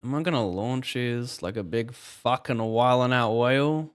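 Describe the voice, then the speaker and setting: Sweary poker streamer. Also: male voice, medium pitch, moderate pace, clean tone. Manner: swearing, joking, self-mocking. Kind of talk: casual live-stream commentary.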